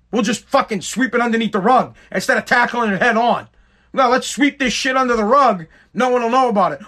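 High-voiced man ranting on his podcast. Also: fairly bright tone. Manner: heated, profane, emphatic. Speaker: podcast host. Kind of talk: opinionated podcast rant.

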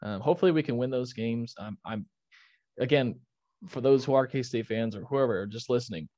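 A man's voice: mid-range voice, brisk, dark tone, no room sound, lo-fi sound. Fired-up young man ranting about his team. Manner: ranting, fired up, restarts sentences. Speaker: podcast co-host. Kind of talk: casual sports chat.

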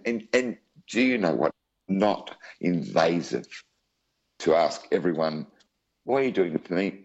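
An Australian man with an extremely deep voice shares his story as an interview guest. He rambles warmly from aside to aside in a chatty, anecdotal way. The recording sounds dull and lo-fi. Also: slightly rough.

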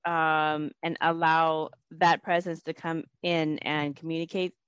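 A woman's voice: deep voice, level tone, a little slow, a bit bright, clear, resonant tone, no echo. A woman hosting an interview, earnestly explaining her ideas at length. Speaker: podcast host and hypnotist. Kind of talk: conversational interview.

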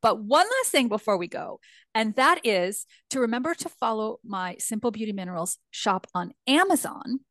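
A woman's voice: on the high side, very animated, normal speed, a bit bright, no room sound. A woman over sixty from Northern California, co-hosting a podcast with bubbly chatter and frequent laughs. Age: older. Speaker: podcast co-host. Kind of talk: casual podcast chat.

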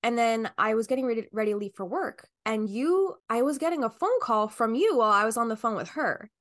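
A woman's voice: fairly high pitch, fairly quick. A woman co-hosting a podcast in casual chat, telling stories with big exclamations. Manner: animated storytelling with big exclamations. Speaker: podcast co-host.

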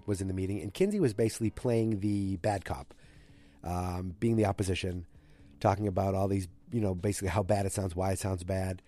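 A man's voice: on the low side, dark tone, no room sound. A man casually recapping an episode, rambling with fillers and self-corrections. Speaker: show recap host.

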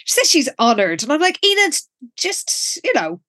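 A woman co-hosting a casual recap chat, calmly narrating the plot with light laughs. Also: a little high, fast, no room sound, clean studio sound. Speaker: podcast co-host.

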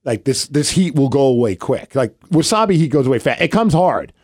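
A man's voice: medium pitch, lively intonation, fairly quick, darkish tone, dry recording, studio quality. A man in his thirties co-hosting a podcast, telling stories in a rambling casual way with lots of fillers. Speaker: podcast co-host. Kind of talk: casual chat.

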